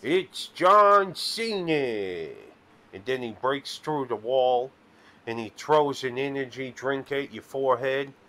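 A man's voice: mid-range voice, fairly even intonation, measured pace. A man playing slot machines in a casino and giving playful commentary that drifts into rambling, absurd stories. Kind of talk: casual joking commentary.

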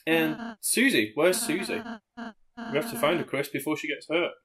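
A man putting on a soft-spoken timid monster prince. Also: on the high side, lively intonation, moderate pace, a crowd in the background, lightly acted. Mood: worried. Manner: soft, polite, worried. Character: gentle, timid young goat-like monster prince. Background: game music.

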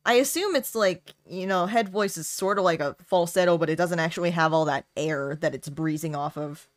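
A woman's voice: on the low side, brisk, no room sound, studio quality. A woman streaming while she draws, chatting playfully with her chat in a casual, rambling way. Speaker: art streamer.

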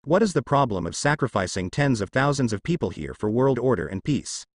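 A man reading a cold, hoarse navy commander. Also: mid-range voice, very animated, brisk, dry recording, studio quality. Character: cold, ruthless male navy vice admiral.

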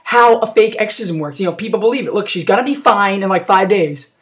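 A woman's voice: medium pitch, expressive, fast, natural voice. A woman voicing a smug, dismissive fake exorcist preacher, in a comic movie retelling.

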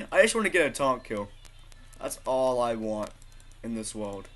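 A man giving live commentary over his own gameplay, excitable and foul-mouthed, swinging into laughter and high-pitched yells. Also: slow, soft background music. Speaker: gaming video host.

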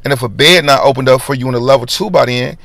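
A man hosting a podcast, casually telling a personal story in slangy, animated talk and acting out the voices of people in it. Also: medium pitch, fast talker, vocal fry, no echo.

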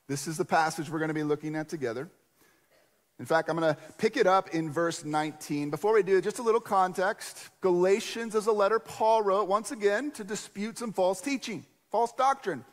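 A man preaching a sermon in a conversational, animated storytelling way. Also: high-pitched. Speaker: pastor. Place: church sanctuary. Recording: long church reverb.

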